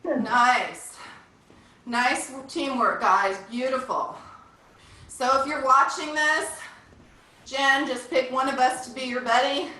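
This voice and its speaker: Bright-voiced woman coaching a workout. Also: sits high, takes it slowly, long pauses. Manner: upbeat, encouraging, counts down reps. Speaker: fitness instructor. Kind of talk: leading a live online workout class. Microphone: video call. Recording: echoey room, distant from mic.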